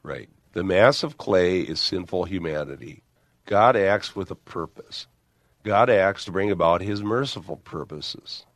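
An older man leads a theological discussion in a lowish voice. He presses his points with emphasis and everyday illustrations. The sound is dry and close. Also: animated, a little slow, no echo. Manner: emphatic, builds arguments with illustrations. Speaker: Bible teacher.

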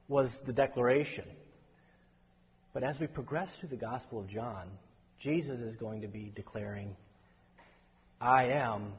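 A man teaching a Bible study class, lively and explaining, calling on the group for answers. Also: mid-range voice, slightly rough. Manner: animated, takes questions from the class. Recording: echoey hall, dull lo-fi sound.

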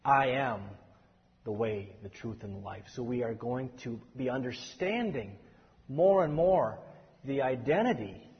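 A man teaching a Bible study class, lively and explaining, calling on the group for answers. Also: medium pitch, a little slow, breathy edge. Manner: animated, takes questions from the class. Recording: echoey hall, dull lo-fi sound.

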